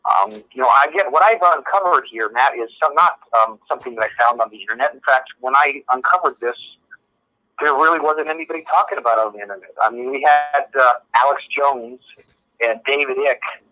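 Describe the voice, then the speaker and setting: A man's voice: medium pitch, brisk, bright, forceful tone, no room sound, low-quality recording. A man with a slight New York accent, calling in and explaining his views in an earnest, guarded way. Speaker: caller. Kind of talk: phone-in conversation.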